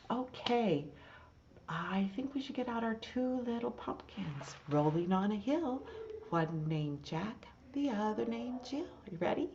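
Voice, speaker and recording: Female children's storytime reader: slow, playful, bouncy sing-song delivery; muffled lo-fi audio. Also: mid-range voice, animated, a little mellow, slight background noise. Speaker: children's librarian. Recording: dull lo-fi recording.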